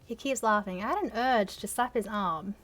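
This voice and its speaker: A woman's voice: mid-range voice, moderate pace, a bit bright. A young woman reading her old teenage story aloud and mocking it with sarcastic, self-deprecating asides and frequent laughter. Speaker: channel host reading her teenage fan fiction aloud.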